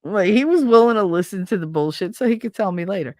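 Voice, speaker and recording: A woman's voice: medium pitch, lively intonation, quick pace, darkish tone, no echo, clean studio sound. A woman hosting a casual talk show, telling personal stories bluntly with lots of swearing and acting out what other people said. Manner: blunt and profane, acts out quoted people. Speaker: podcast host. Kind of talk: casual storytelling chat.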